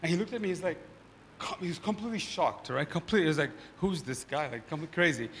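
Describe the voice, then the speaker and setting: A man speaking on a discussion panel, an animated storyteller who often tags his points with "right?". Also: fairly high pitch, racing, big-room sound. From Nepal.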